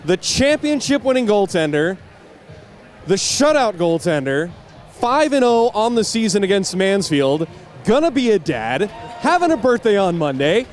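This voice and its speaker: A man's voice: sits high, big pitch swings, measured pace, faint music behind. A man interviewing players on the ice after a championship game, gushing and emotional, stumbling into restarts. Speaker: on-ice interviewer for a hockey broadcast.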